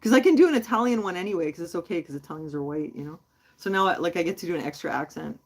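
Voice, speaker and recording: A woman's voice: fairly low pitch, expressive, racing. A woman hosting a casual livestream, chatty and rambling as she answers her viewers. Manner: chatty and rambling, many fillers. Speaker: host.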